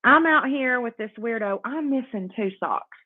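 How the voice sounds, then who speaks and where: A woman's voice: fairly high pitch, expressive, normal speed, breathy edge. A woman, telling a rambling, profanity-laced story in a casual live-stream storytime. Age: 30s. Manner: rambling, profane, heavy use of "like". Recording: tinny phone-like audio.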